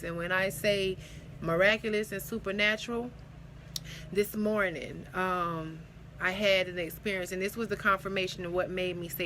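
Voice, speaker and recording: A young woman from South Carolina, a spiritual healer, gives an emphatic, animated testimony to camera, repeating phrases and laughing often. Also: fairly low pitch, moderate pace, a little hiss or hum. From South Carolina, USA. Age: young adult. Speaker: spiritual healer promoting her services.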